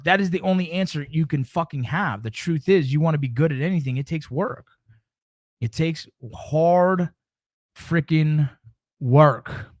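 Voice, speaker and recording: A man's voice: on the high side, measured pace, no echo, studio quality. A man in his forties hosting a casual livestream chat, talking emphatically, repeating himself and swearing casually. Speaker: show host.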